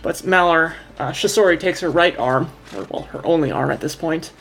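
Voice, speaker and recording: A woman's voice: deep voice, moderate pace, gravelly. Rambling woman game master. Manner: rambling, self-correcting narration. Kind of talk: narrating a tabletop game.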